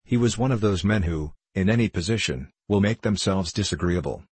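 A man reading a novel aloud as an audiobook narrator in a measured, even way. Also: deep voice, husky, no echo. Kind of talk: scripted narration.

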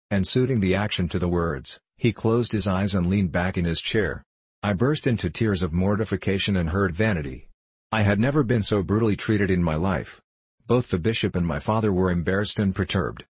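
A male audiobook narrator reading in a steady, measured way. His voice is very low with a husky grain. The recording is dry and close, with no room sound. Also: no echo.

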